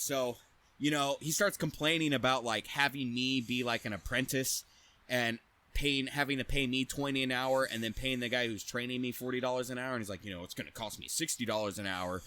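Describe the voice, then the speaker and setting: Young male podcast co-host with a sharp, bright tone, swearing freely through a rambling story. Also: medium pitch. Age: young adult. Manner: profane, animated anecdote telling. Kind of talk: casual storytelling.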